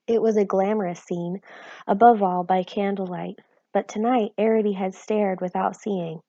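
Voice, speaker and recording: A woman reads a children's novel aloud in a calm, even storytelling voice at a middle pitch. The sound is dull and lo-fi. The room is dry, with no echo. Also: moderate pace. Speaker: reader.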